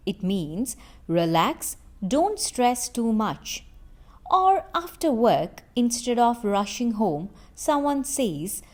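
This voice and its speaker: Woman, scripted lesson narration, slow and clear, very lively intonation. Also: mid-range voice. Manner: slow, clear, expressive delivery of example phrases. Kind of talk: scripted narration with acted example lines.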